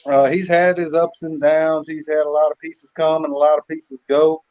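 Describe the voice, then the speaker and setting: A man co-hosting a casual sports picks chat, relaxed and repeating words as he thinks. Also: fairly high pitch, moderate pace. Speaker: co-host. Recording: slightly dull lo-fi audio.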